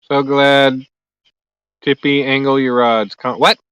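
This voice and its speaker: A man's voice: mid-range voice, flat delivery, takes it slowly, fairly bright tone, clear, resonant tone, dry recording, faint music behind, rough recording. A man hosting a casual live stream outdoors by a lake at night, chatting easily and joking as he reads and answers viewer comments aloud. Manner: joking, easygoing. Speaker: livestream host.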